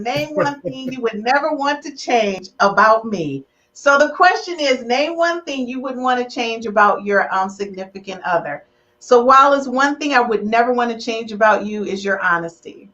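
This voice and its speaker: A woman's voice: on the high side, normal speed, bright, forceful tone, lo-fi sound. A woman hosting a live relationship podcast, teasing her guests and getting emotional. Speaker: podcast host.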